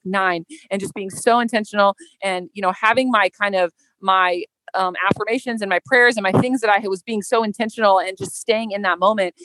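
A woman's voice: mid-range voice, a bit bright, dry recording, poor audio. An American woman telling a personal story in a casual, heartfelt way, full of fillers and growing emotional. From United States. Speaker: podcast guest.

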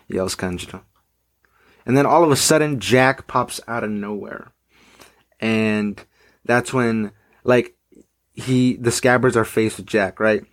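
A man's voice: on the low side, expressive, a little slow, dry recording. A young man hosting a podcast, reading a comic aloud and chatting casually about it with fillers and crude asides. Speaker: podcast host.

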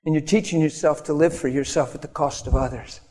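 A man preaching a sermon to his congregation, animated and acting out little scenes in different voices. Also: on the high side, fairly quick. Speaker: pastor. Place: church hall. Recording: long hall reverb.

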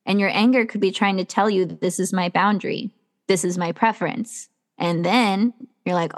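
A woman guest on a podcast who coaches people in self-love. She talks in a casual, earnest, encouraging way and keeps slipping in "like". Her voice sits at an ordinary middle pitch. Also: fairly even intonation, moderate pace. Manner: earnest and encouraging, many "like" fillers.

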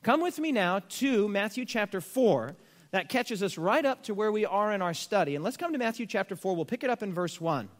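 A man's voice: high-pitched, animated, fairly quick. A man preaching a sermon as pastor, building emphasis on key words and slipping in dry humorous asides. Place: church. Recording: long reverb of a church hall.

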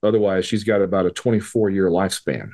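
A man's voice: low-pitched, fast, dark tone. A man speaking as a podcast guest, telling a personal story in casual, profane language and acting out the dialogue with quoted voices. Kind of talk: conversational storytelling.

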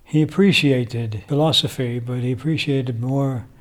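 A man's voice: medium pitch, a little slow. An older man, a songwriter, reflecting at length in a casual interview, rambling with fillers. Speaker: songwriter guest.

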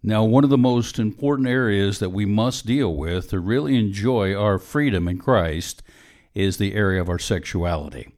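A man hosting a Christian talk program, introducing a topic in a measured, serious way. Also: lowish voice, darkish tone.

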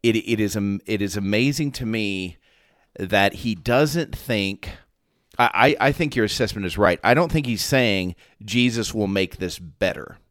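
A man co-hosting a podcast, reading a Bible passage in a calm, even manner and then chatting about it. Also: lowish voice, measured pace. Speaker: podcast co-host and reader. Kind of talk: casual chat and scripture reading.

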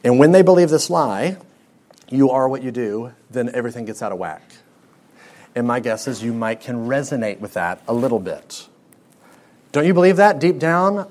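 A young man delivers a conversational sermon to students, peppering it with rhetorical questions and pop-culture stories. His medium-pitched voice is animated and somewhat dark in tone, moving at a moderate pace.

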